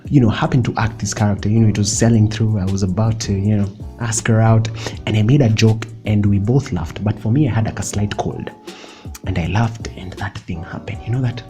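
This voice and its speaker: A man's voice: on the low side, steady tone, fairly quick, over music. A young man giving chatty, playful motivational advice in a casual vlog, laughing often and dropping in slang. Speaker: vlogger.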